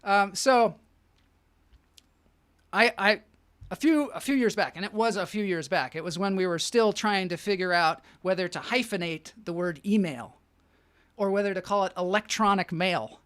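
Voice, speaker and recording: A man's voice: sits high, moderate pace, fairly bright tone, no echo. A man hosting a live online show, telling rambling comic stories and reading out the chat, often laughing at his own jokes.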